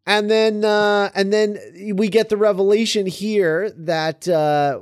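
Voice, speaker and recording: A man's voice: sits high, steady tone, slow pace, smooth, no echo. A man chatting casually on a podcast, joking and acting out lines in silly voices. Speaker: podcast co-host. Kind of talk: casual chat about a TV episode.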